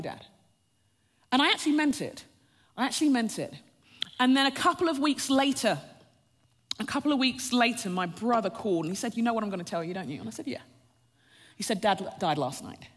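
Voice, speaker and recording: A woman preaching a personal testimony with a fairly high voice. She tells her story warmly to the listeners, calling them friends and often breaking into a laugh. Her voice rings with the long reverb of a large hall.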